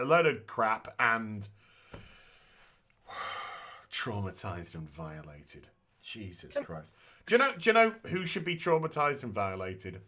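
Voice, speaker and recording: A man co-hosting a casual podcast, ranting bluntly with plenty of swearing and restarts. His pitch swings widely as he talks, and his voice is bright and forceful. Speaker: podcast co-host.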